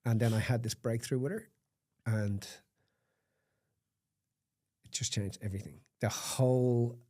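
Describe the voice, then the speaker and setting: A man's voice: medium pitch, fairly even intonation, a little slow, dark tone. A middle-aged man, a podcast guest telling a candid personal story, emphatic and raw, with blunt swearing.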